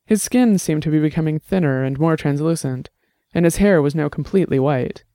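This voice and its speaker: A man reading a novel aloud in steady, scripted audiobook narration. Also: a little high, brisk, no echo, clean studio sound.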